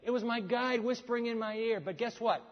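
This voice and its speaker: Brief: high-pitched male pastor, lively acted-out storytelling, muffled hall sound with long reverb. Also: brisk. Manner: animated storytelling, acts out quoted voices. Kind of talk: sermon.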